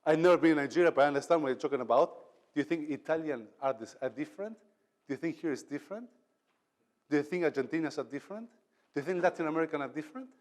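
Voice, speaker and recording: A man races through a motivational talk on leadership, his fairly high voice ringing in a reverberant event hall. He speaks emphatically and acts out quoted lines.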